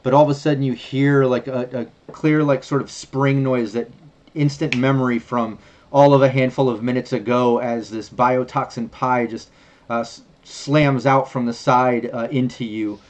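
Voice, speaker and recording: A man's voice: mid-range voice, fairly even intonation, moderate pace, a little mellow. A man narrating as game master of a tabletop game, describing scenes loosely with many fillers. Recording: slightly muffled audio.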